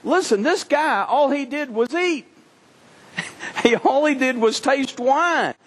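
A man preaching a sermon, telling a scripture story in an animated way and often repeating words as he restarts. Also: very high-pitched, slow. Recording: long reverb from a hall.

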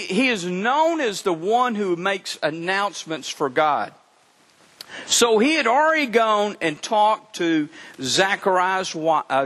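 A man preaching a sermon as pastor, animated and acting out the Bible dialogue. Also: high voice. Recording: long hall reverb.

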